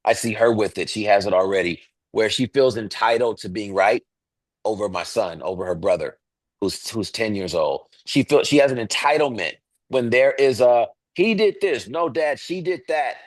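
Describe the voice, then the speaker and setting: A man's voice: on the low side, moderate pace, no echo. A man in his thirties, earnest and emphatic, talking as a podcast co-host. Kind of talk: casual podcast talk.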